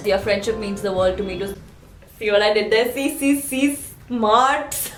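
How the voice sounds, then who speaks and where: A woman's voice: mid-range voice, fairly even intonation, measured pace, reverberant, distant mic, slight background noise. A young woman from Thane with an Indian English accent, talking in a goofy, self-mocking comedic vlog style and laughing often. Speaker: comedic vlogger.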